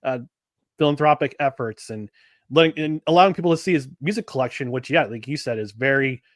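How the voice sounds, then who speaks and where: A man's voice: mid-range voice, animated, a little fast, no room sound, clean studio sound. A man co-hosting a casual podcast, rambling with many restarts and fillers. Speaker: podcast co-host.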